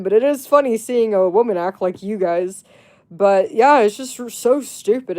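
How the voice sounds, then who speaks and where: A woman's voice: fairly high pitch, dark tone. A woman livestreamer telling a gossipy story in casual chat, blunt and rambling, swearing freely and laughing often.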